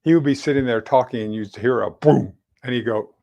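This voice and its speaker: A man co-hosting a casual political chat show, talking in halting bursts with many restarts. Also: mid-range voice, gravelly, mellow. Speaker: co-host.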